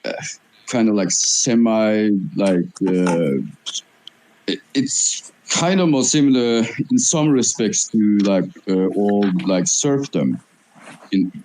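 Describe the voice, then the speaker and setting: A man from Norway speaks in a hesitant way, stopping often to search for his words. His voice is mellow and dark, recorded through a phone in a relaxed call. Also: lowish voice, slow pace, a little hiss or hum, poor audio. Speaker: guest speaker. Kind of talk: casual debate on a call.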